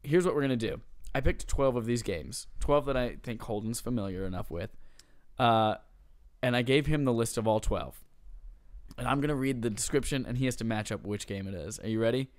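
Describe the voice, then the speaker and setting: A young man talking casually as co-host of a gaming podcast. He jokes a lot and reads out quiz clues with a playful lilt, at an ordinary middle pitch. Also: a little fast, no echo, studio quality. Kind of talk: casual chat.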